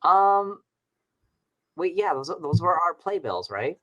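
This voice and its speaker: A man from Long Island co-hosting a podcast, reacting excitably and emphatically in casual chat. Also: fairly high pitch, slow. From Long Island, New York. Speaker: podcast co-host.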